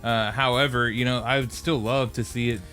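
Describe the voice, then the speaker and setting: A man chatting casually on an anime podcast, his sentences stop and restart as he thinks aloud. His pitch sits in an ordinary middle range, and faint music plays quietly behind him. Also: steady tone. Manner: rambling, halting with many restarts. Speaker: podcast co-host. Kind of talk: casual anime review chat.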